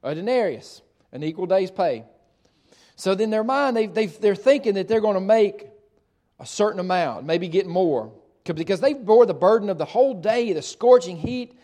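A man with a high, expressive, mellow voice preaches at a normal speed, reading scripture along the way. Emphatic but conversational, he throws rhetorical questions at the congregation and corrects himself as he goes.

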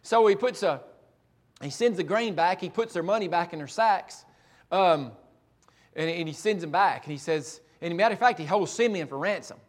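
High-voiced preacher, folksy. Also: male voice, normal speed. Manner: folksy, conversational storytelling with frequent restarts. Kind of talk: sermon, retelling scripture.

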